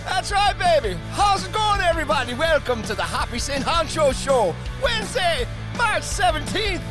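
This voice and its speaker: A man putting on an exaggerated Irish accent to play an over-the-top hyped radio host, shouting. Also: very high voice, sing-song, normal speed, over music, voice pushed up.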